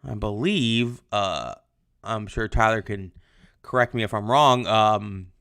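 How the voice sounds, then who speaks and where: A man's voice: lowish voice, takes it slowly, fairly bright tone, clean tone. A young adult male history teacher giving a casual livestreamed lesson, chatty with lots of ums, answering viewer comments. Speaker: high school history teacher.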